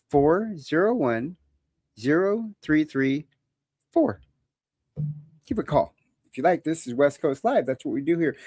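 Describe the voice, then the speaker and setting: A man's voice: on the high side, darkish tone, no echo. A man hosting a live call-in show, talking in a casual, opinionated and joking way.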